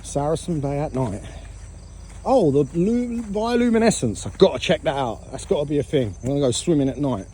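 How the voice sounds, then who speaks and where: A man's voice: medium pitch, animated, fast talker, few pauses, warm tone, a little hiss or hum. A man with a British English accent, rambling in a casual, self-mocking way as a travel vlogger while walking outdoors at night. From England, raised there from about age four. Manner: chatty, self-mocking, drifts between topics. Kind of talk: casual rambling vlog talk. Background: crickets and insects.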